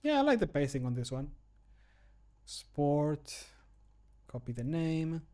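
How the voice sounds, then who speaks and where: A man's voice: a little high, sing-song, takes it slowly, mellow. A man streaming casually as he records game voice lines, playful and chatty, laughing often, close to a home microphone. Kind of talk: casual live-stream chat.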